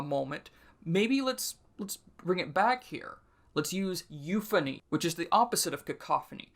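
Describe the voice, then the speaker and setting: A writing teacher speaking at a middle pitch, walking the listener through ideas step by step. Example sentences are read slower and with drama, and syllables and consonant sounds are spoken out one by one. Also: fairly bright tone. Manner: explains clearly, reads example sentences slowly and dramatically. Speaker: library writing group instructor. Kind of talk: instructional video talk.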